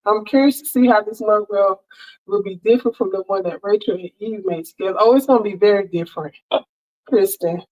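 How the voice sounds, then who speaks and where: A woman runs a casual sewing livestream over a headset mic, chatty and friendly as she greets viewers by name. Her mid-range, darkish voice moves a little fast, and the audio is poor.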